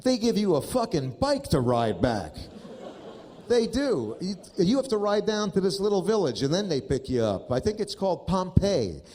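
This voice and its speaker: Captured in a noisy live recording, this fifty-something man performs stand-up comedy, spinning exasperated, profanity-laced stories. He has a high, somewhat mellow voice with a sing-song lilt and a moderate pace.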